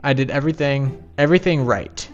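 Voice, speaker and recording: A man's voice: medium pitch, brisk, muffled recording, faint music behind. A man hosting a let's-play, talking through his game in a rambling, exasperated, self-mocking way. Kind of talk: casual gameplay commentary.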